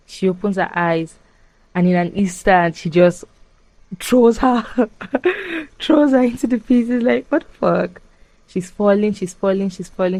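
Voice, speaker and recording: A young woman casually retelling a film plot as a podcast host, animated and full of fillers. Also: on the low side, dry recording, low-quality recording. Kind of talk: casual chat.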